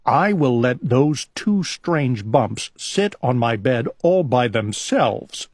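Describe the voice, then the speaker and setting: A man voicing a fretful, gentle male owl in a storybook reading, talking in an anxious, earnest, childlike way. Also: medium pitch, expressive, slow pace, dry recording, clean studio sound. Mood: worried.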